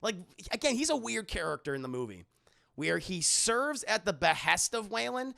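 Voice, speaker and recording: A man's voice: sits high, very animated, normal speed, creaky, sharp tone. A young man casually reviewing a film for his live chat, rambling and swearing with lots of fillers. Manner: rambling and profane, many fillers.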